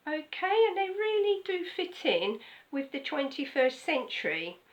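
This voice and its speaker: A woman's voice: sits high, big pitch swings, measured pace, highs cut off. An older woman pastor, giving a chatty, conversational sermon with frequent "okay?" asides. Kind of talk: casual sermon.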